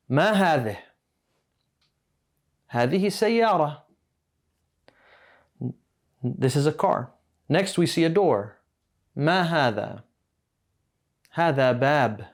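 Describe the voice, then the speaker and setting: A man runs an Arabic lesson in a casual, unhurried way. He explains each word step by step and prompts the listener to answer back. His voice sits at an ordinary middle pitch. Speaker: Arabic teacher. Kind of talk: relaxed spoken lesson.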